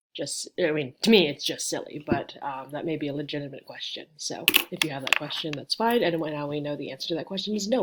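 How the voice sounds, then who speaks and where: A chatty woman with a low voice gives a casual online grammar lesson from a home webcam setup. She's informal, using lots of fillers and asides, and the recording is very noisy.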